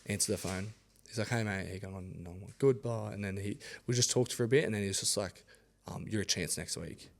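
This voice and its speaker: A man's voice: sits low, quick pace. A young Australian man in his twenties, a podcast guest, telling stories casually and acting out what others said, with frequent laughter. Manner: animated, acts out quoted voices, laughs often. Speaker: podcast guest, rugby league player. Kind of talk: casual storytelling.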